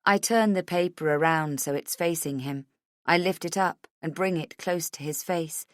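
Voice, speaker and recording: A woman narrating a suspense audiobook in the first person, measured and tense. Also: deep voice, dry recording, clean studio sound.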